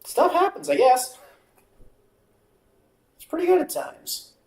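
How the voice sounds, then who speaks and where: A watchalong streamer calling the game play by play, stretching out calls and drifting into casual asides, on a mic that peaks on loud moments. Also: high-pitched, huge pitch swings, takes it slowly, vocal fry, roomy sound, rough recording. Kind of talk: amateur play-by-play commentary.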